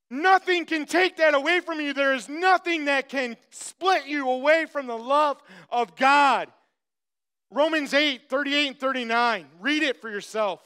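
A man's voice: extremely high pitch, moderate pace, sharp tone. A man preaching a sermon as pastor, emphatic, repeating phrases and speaking straight to the congregation.

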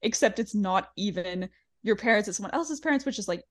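A woman's voice: medium pitch, fairly quick. A woman co-hosting a podcast, chatting casually and swearing as she recaps a reality show and acts out the cast's lines. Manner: animated, swearing, acting out quotes. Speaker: podcast co-host.

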